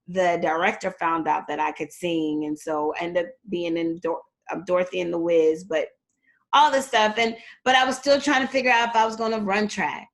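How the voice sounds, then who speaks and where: A middle-aged woman telling her story as a guest in a casual interview, lively and acting out the people she quotes. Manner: animated, acts out quotes with big jumps in pitch. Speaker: guest, performer and fitness trainer.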